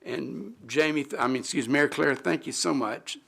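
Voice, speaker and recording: A middle-aged alderman with a gravelly, creaky voice speaks at a council meeting. He is halting and heartfelt, restarting sentences and trailing off. He talks into a desk microphone in a council chamber. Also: fairly high pitch, fairly bright tone. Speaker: city alderman. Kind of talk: emotional tribute speech at a council meeting.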